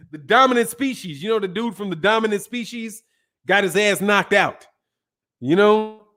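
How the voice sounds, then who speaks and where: High-pitched and sharp, the man speaks at a moderate pace. He's hosting a casual boxing talk stream out of Chicago, going through viewer chat and answering in a loud, cursing, emphatic style that keeps circling back to the same points.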